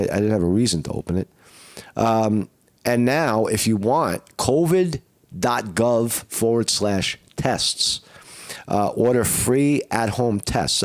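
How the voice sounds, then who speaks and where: A hoarse man talking casually on a live stream, rambling with many fillers and restarts. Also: on the low side, no room sound. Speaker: vlogger doing a live at-home test.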